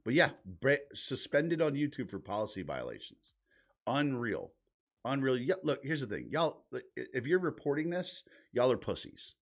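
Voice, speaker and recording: A man's voice: mid-range voice, sing-song, normal speed. A man hosting a live reaction stream, talking casually in a blunt, profane and incredulous way.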